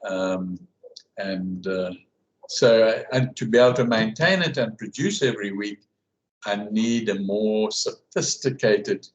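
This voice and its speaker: A man in a casual video-call conversation, talking in a halting way with many fillers and restarts about running his classes. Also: on the low side, rough recording. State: hiccuping. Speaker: class guide and researcher.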